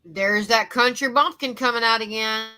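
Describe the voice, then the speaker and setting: A woman's voice: on the high side, moderate pace, bright, forceful tone. A woman from Louisiana with a Southern accent, giving a profane, indignant reaction commentary. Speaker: commentary YouTuber.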